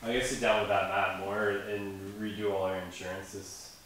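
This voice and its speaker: A man's voice: on the low side, flat delivery, normal speed, very echoey, crowd noise, rough recording. A man chatting offhand about practical plans. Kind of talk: casual conversation.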